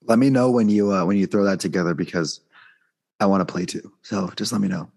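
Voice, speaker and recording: A man hosting a casual sports betting chat, upbeat and leading the segments, his voice going hoarse. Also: sits low, brisk, darkish tone. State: losing his voice. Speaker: podcast host.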